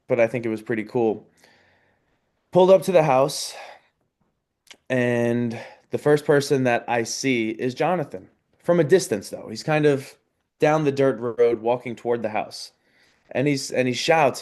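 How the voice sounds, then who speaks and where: A man's voice: medium pitch, darkish tone. A young man, a guest in a casual interview, talking earnestly about his experience and working through his thoughts as he goes. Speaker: interview guest, competition show contestant.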